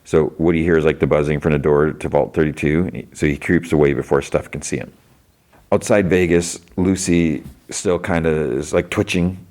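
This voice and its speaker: A man with an extremely low, deep voice talks through a story recap in a relaxed podcast style. His delivery is rambling and loose, with "like" dropped between nearly every phrase. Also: normal speed. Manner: rambling, heavy use of "like". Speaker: podcast host. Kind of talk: casual episode recap.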